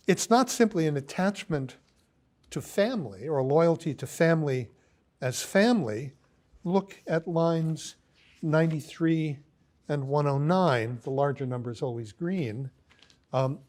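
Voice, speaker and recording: A man giving a philosophy lecture, pausing often with ums and restarts as he reads quoted lines aloud. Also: fairly high pitch, darkish tone. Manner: halting, many ums and restarts.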